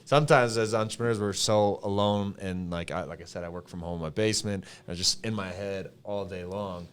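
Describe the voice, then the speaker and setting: Young canadian man, podcast guest, emotional and animated, fairly low voice, lots of fillers. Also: a little fast, clear, resonant tone. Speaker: podcast guest, clothing company co-founder. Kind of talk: casual podcast conversation.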